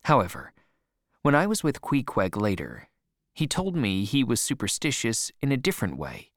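A man narrating an adventure story as a scripted audiobook, expressive and measured. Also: mid-range voice, dry recording, clean studio sound.

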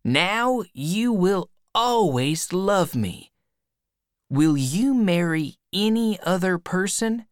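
A woman voicing an eager young boy in love in a storybook reading, a little above her own pitch. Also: lively intonation, slow pace, dry recording, studio quality. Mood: happy.

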